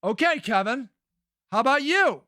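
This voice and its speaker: A man's voice: very high voice, animated, moderate pace, pushed and bright, dry recording, clean studio sound. A middle-aged man hosting a live stream, reading chat and talking back in a sarcastic, profane, rambling way.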